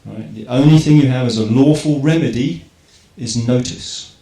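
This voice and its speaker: Speaking at normal speed in a mellow, mid-range voice, an English public speaker gives an informal talk in an echoey hall with faint ambience. He keeps it conversational, throwing out rhetorical questions and asking the audience "right?"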